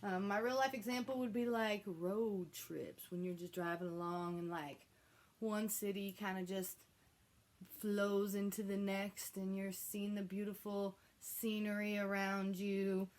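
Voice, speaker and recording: A woman's voice: mid-range voice, steady tone, measured pace, darkish tone. A young woman teaching a remote music lesson to children, chatty and playful, coaxing the class to repeat words along with her.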